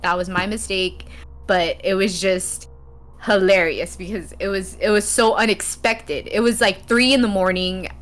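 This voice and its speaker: A woman guest on a podcast, telling a story in a lively, casual way. She laughs often and slips into quick impressions of what people said to her. Her voice sits at an ordinary middle pitch. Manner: animated storyteller, laughs often, acts out quotes. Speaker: podcast guest, game streamer.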